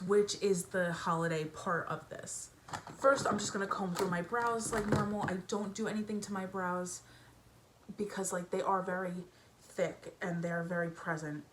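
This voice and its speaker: Young woman rambling through her makeup routine, lots of likes and little laughs, faint house noise in the background. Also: medium pitch. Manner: chatty, filler-heavy, self-conscious and giggly. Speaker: beauty vlogger. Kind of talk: casual get-ready-with-me chat. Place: home bedroom with family noise downstairs.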